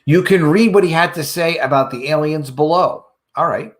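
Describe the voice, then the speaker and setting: A man's voice: a little high, normal speed. A man giving casual news commentary on his channel, making joking, sarcastic asides as he reads out an article. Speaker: YouTube commentator.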